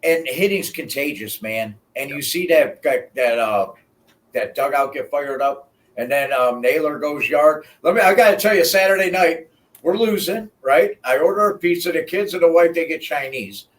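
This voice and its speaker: A man co-hosting a sports podcast, telling stories in animated casual chat and often saying "man". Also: a little high, normal speed, distant mic. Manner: animated storyteller, peppers talk with "man". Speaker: podcast co-host.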